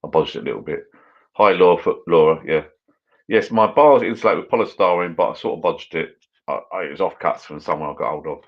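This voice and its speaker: Deep-voiced British man rambling on a live stream. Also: quick pace, highs cut off. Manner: rambling, chatty, reads viewer comments aloud. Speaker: channel host. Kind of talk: casual live-stream chat while drinking.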